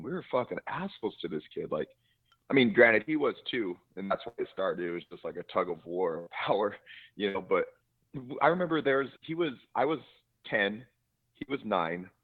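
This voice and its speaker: Co-host, male, low voice, rambling and profane, heard through a tinny phone-like line. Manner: rambling, swears freely, laughs often. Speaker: podcast co-host. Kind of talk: casual chat.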